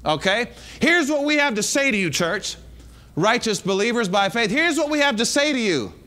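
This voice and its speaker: A man's voice: extremely high pitch, animated, normal speed, bright, forceful tone. A man preaching a sermon as pastor, emphatic, repeating lines and calling out to the congregation.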